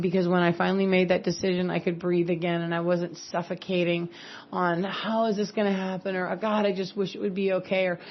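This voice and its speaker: A woman from California speaks earnestly about her own recovery, candid and direct, with the odd wry aside. Her voice sits at an ordinary middle pitch. The recording is slightly dull and lo-fi. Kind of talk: personal recovery talk.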